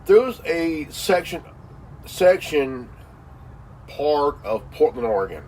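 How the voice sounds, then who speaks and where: Man, rant casual, profane; high voice, slow delivery, full of repetition and filler words. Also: big pitch swings, darkish tone, recorded from a distance, a little hiss or hum, poor audio. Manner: repetitive, heavy fillers like "you know" and "man"; crude, swearing, insulting.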